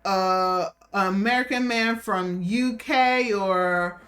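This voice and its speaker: A woman's voice: medium pitch, takes it slowly, fairly bright tone. A woman co-hosting a casual chat show, talking loosely with many fillers and restarts. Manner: chatty, lots of fillers and restarts, laughs often. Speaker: co-host. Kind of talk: casual chat reacting to a video.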